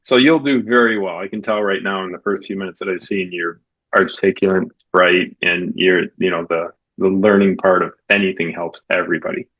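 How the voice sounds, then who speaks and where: A man hosting an interview podcast, telling a story in casual chat and acting out the quoted lines with big jumps in pitch. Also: fairly even intonation, brisk, phone-quality sound. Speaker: podcast host.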